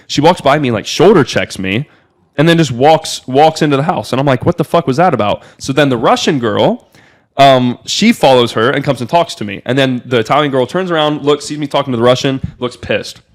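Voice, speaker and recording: A young man from Miami telling a rambling party story on a podcast, excitable, with a lot of filler "like". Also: medium pitch, fairly quick. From Miami, USA. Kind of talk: casual storytelling.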